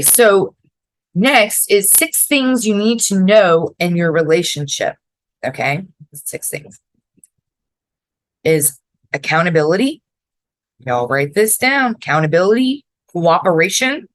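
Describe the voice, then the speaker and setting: A woman's voice: lowish voice, expressive, a little slow, long pauses, dry recording, rough recording. A woman from Florida with a mix of New York and Southern accent, hosting a casual advice podcast in a blunt, direct way and swearing freely. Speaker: podcast host.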